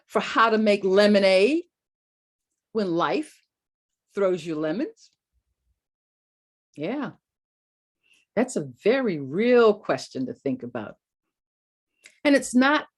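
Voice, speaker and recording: Animated woman motivational speaker. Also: mid-range voice, breathy edge. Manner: animated, emphatic, drawn-out phrasing. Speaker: podcast host. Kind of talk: motivational talk.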